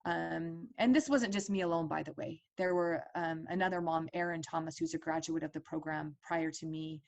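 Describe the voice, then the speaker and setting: A woman's voice: low voice, fairly even intonation, moderate pace, vocal fry. A woman in her forties telling a personal story as a parent advocate, earnest and conversational with fillers and restarts.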